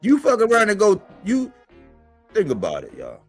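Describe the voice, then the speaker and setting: A man hosts a boxing commentary livestream, speaking in an emphatic, slangy style and repeating points for emphasis. His voice sits high with wildly swooping pitch at a moderate pace, and faint music plays in the background.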